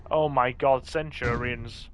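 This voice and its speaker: Streaming a game live, this northern English man chats away, reacting to the action while reading and replying to viewer chat. His medium-pitched voice is fairly even and slow. A little hiss or hum can be heard.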